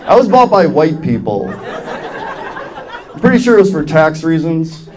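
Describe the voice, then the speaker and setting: A young man from New York performs stand-up in a comedy club, his voice sitting high and swinging widely as he jumps between characters. He speaks with loud crowd laughter rolling in behind him. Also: slow pace, pauses often, background noise. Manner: animated, acts out voices of others. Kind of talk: stand-up routine. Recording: live club with audience laughter. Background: audience laughing.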